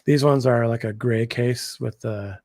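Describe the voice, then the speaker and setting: A man's voice: mid-range voice, fairly even intonation, a little slow, darkish tone, no echo. A man in his thirties co-hosting a casual livestream chat, enthusiastic and rambling, full of slang and fillers. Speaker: co-host.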